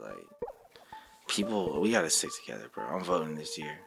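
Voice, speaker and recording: A man's voice: a bass voice, big pitch swings, brisk, creaky, over loud music. A young man, a guest musician, telling rambling, profane stories in slangy casual chat.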